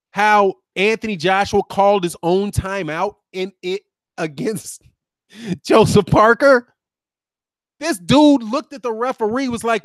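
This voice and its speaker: A man's voice: sits high, no echo, studio quality. Mocking guy ranting about boxing, voice bouncing all over, laughs a lot. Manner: mocking, sarcastic, laughing often. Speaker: boxing commentary channel host. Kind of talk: casual reaction commentary.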